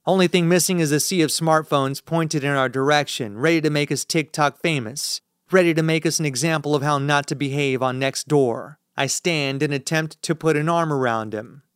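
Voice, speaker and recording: A man's voice: a little high, fairly bright tone, clear, resonant tone, dry recording, clean studio sound. Man narrating a tense audiobook. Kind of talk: scripted first-person audiobook narration.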